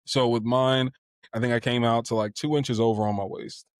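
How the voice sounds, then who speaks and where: A man in his twenties tells a personal story on a podcast in a mid-range voice, his tone steady and his speed normal. He's candid and reflective, his casual storytelling full of "you know" fillers. The recording is dry, with clean studio sound.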